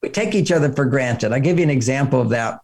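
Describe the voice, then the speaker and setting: A man's voice: medium pitch, fast, gravelly. An older man, an author being interviewed, telling stories and acting out the voices of people he quotes. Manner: animated storyteller, acts out quoted voices. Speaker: author guest. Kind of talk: interview conversation.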